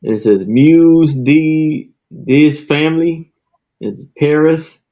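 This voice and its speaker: A man walks viewers through vintage pieces for sale on a live stream. He talks slowly, plainly and with some hesitation. His audio sounds a little dull. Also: a little high, warm tone. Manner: slow, plain, hesitant describing. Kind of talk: casual product description.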